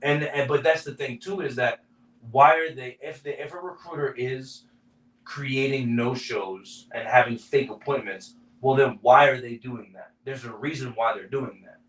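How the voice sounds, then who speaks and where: A man's voice: medium pitch, normal speed. A man telling a story in casual podcast chat, swearing freely and acting out the people in it. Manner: animated, acts out quoted voices, swears freely. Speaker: podcast co-host. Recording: roomy, distant mic.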